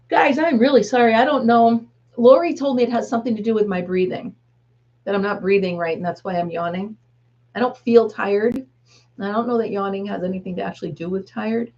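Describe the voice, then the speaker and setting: A woman's voice: mid-range voice, a little mellow, muffled recording. A woman in her fifties, a grandmother, hosting a casual live chat with viewers, rambling and laughing often. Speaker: livestream host.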